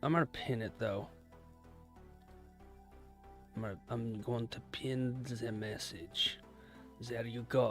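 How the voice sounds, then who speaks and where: A man's voice: mid-range voice, fairly even intonation, takes it slowly, pauses often, faint music behind. A young American man streaming live while day trading, rambling casually and greeting viewers by name. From United States. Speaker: livestream day trader.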